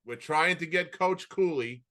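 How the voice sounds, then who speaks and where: A man with a bright, forceful voice co-hosts a casual podcast over a video call. He spins animated anecdotes, often stopping and restarting mid-sentence as he goes. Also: a little high, unhurried. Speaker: podcast co-host. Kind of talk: casual storytelling chat.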